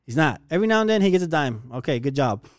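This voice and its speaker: A man's voice: on the high side, sing-song, fast, no room sound, studio quality. A young man in a casual sports debate, blunt, profane and dismissive.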